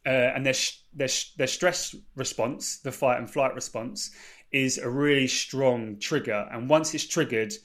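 A man talks through sleep advice in a relaxed podcast conversation. He explains patiently, piling up rephrasings and lists. His pitch sits in the middle for a man. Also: a little slow. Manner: explanatory, repeats and rephrases points. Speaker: sleep expert. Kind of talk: casual podcast chat.

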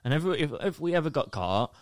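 A man's voice: a little high, sing-song, fast, no room sound, clean studio sound. A young man, chatting casually on a podcast and rambling with lots of fillers. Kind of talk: casual chat.

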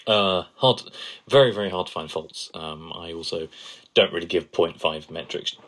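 A man's voice: deep voice, normal speed, a bit bright. A man co-hosting a podcast, chatting playfully and enthusiastically. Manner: playful, enthusiastic, gushes over quotes. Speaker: podcast co-host. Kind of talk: casual chat.

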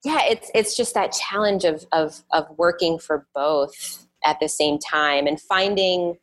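A woman's voice: low-pitched, unhurried. A woman guest on a podcast, talking in a casual, thoughtful way and often restarting and repeating words. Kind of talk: casual interview chat.

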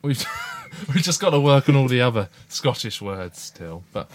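A man hosting a casual podcast chat, gentle and encouraging, often restarting his sentences. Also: mid-range voice, expressive, normal speed. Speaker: podcast host.

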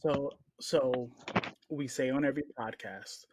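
A man's voice: mid-range voice, unhurried, noisy background. A man from Brooklyn, co-hosting a casual podcast chat and acting out the people in his stories. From Brooklyn, New York. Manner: animated storyteller who acts out dialogue. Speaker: podcast co-host.

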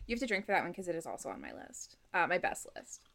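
A young woman co-hosting a casual book-chat podcast, giggly and animated, with lots of fillers. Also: on the low side, fast talker, gravelly. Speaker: podcast co-host.

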